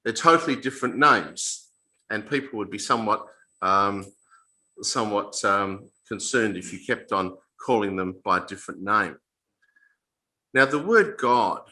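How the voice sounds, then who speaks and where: Bright-voiced man giving a halting Bible talk. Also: on the low side, rough recording. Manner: halting, repeats and restarts phrases mid-sentence; plain conversational explaining with asides. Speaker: Bible teacher. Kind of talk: informal Bible talk to a small group.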